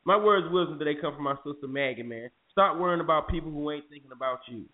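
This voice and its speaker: Animated male talk host, profane and preachy, muffled lo-fi phone line. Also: a little high, fast talker. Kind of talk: casual chat.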